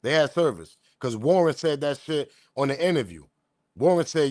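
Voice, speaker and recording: A man hosting a casual online commentary, speaking bluntly in slang and addressing viewers directly in an animated way. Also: on the high side, normal speed, dry recording, clean studio sound. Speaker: commentary host.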